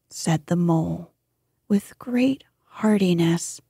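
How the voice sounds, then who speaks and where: A woman reading a bedtime story in whispered role-play, with a soft, breathy whisper and a gentle, lulling manner, close to the mic. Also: on the low side, slow, no echo. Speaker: sleep story reader.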